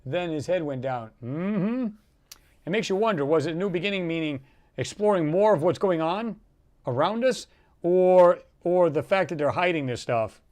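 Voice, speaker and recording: A man hosting a casual livestream, rambling and animated as he reads out viewer comments and reacts to them. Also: sits high, normal speed. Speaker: livestream host.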